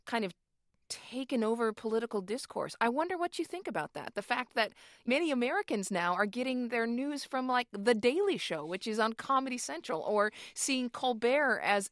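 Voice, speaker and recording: A woman's voice: a little high, a bit bright, no room sound, clean studio sound. A woman hosting an interview program, asking curious, probing questions.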